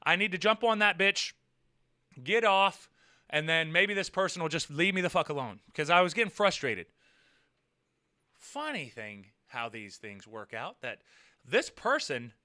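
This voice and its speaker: High, bright-voiced man telling a profane story. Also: moderate pace. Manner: profane, animated, swings from mutters to near-shouting. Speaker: vlogger. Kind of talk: casual storytelling vlog.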